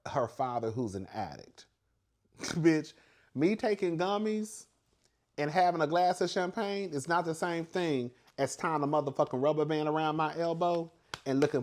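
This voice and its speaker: A man giving a casual, sassy recap of a reality show, animated and laughing often as he talks. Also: a little high. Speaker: reality TV commentator.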